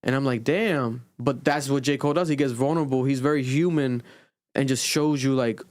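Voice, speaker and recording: A man co-hosting a casual podcast, thinking aloud with restarts and rising in pitch when he makes a point. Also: fairly even intonation, fairly quick, a little mellow, no echo. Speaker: podcast co-host.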